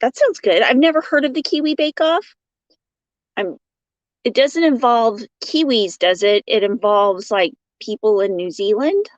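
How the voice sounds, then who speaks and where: A woman's voice: a little high, lively intonation, unhurried, no echo. A woman hosting a casual crochet livestream, chatting and laughing as she greets viewers by name and reads their comments. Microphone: phone. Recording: dull lo-fi sound.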